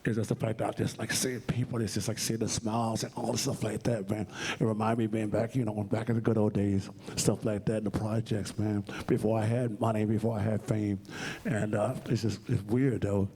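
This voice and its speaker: A man's voice: lowish voice, little pitch movement, brisk, hardly any pauses, mellow, husky. A man being interviewed on stage at a library event, speaking bluntly and emphatically and swearing freely. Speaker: interview guest.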